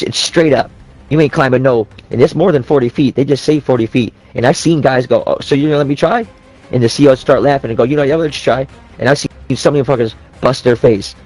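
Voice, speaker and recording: A man's voice: medium pitch, a little mellow, rough recording. Profane rambling man ranting. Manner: profane, rambling, with frequent restarts. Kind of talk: casual rant.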